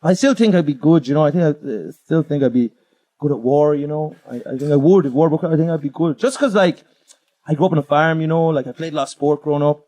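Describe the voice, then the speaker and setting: A young man doing crude stand-up on stage, laughing as he swings between high yelps and low mutters. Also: fast. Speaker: stand-up comedian. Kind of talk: live stand-up set. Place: comedy club stage. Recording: live club with loud crowd laughter.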